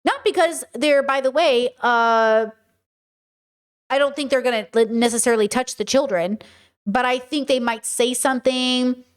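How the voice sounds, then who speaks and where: High-voiced chatty woman host. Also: normal speed, clear, resonant tone. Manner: chatty, emphatic, talks to viewers as "girl". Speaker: video essay host. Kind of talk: casual commentary to camera.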